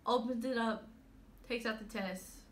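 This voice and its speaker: A woman's voice: fairly high pitch, fairly even intonation, unhurried, slight background noise. A girl in her late teens telling her own story to camera in a chatty way, full of "you know" and fillers. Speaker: vlogger.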